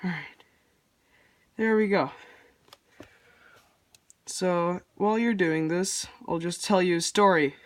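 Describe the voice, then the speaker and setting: A person walks through a drawing lesson in a slow, unhurried way, with a mid-range voice. The talk rambles and turns self-deprecating. The sound is dry and close, with no room around it. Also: mid-range voice, no room sound. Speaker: art tutorial host. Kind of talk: casual drawing tutorial narration.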